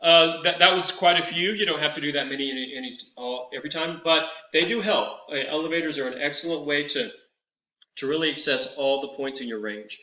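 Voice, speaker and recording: Bright-voiced male voice teacher, echoey room. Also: fairly high pitch, lo-fi sound. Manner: patient, instructive, slows to over-articulate drills. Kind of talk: guided vocal warm-up.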